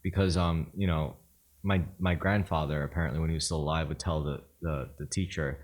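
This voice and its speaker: Low-voiced male podcast co-host, contrarian and crude, telling stories. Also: fairly even intonation, a little fast. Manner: provocative, argumentative storyteller. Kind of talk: casual podcast chat.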